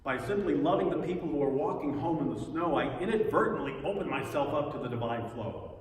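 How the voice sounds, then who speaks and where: A man giving a personal testimony talk at a spiritual center, telling stories with pauses and repeated words. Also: a little high, animated. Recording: echoey hall, distant mic.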